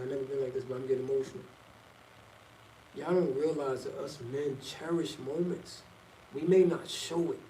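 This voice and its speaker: A man's voice: mid-range voice, dark tone, a little hiss or hum. Rambling middle-aged man, echoey and distant. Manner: loose and rambling, slangy, jumps between topics. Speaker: vlogger. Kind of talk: casual storytelling monologue. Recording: echoey, from a distance off the mic, faint ambience.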